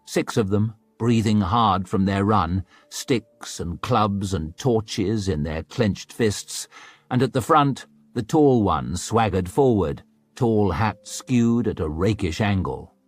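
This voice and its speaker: A man narrating an audiobook in a dramatic, expressive storytelling manner. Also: fairly low pitch, slow, no room sound.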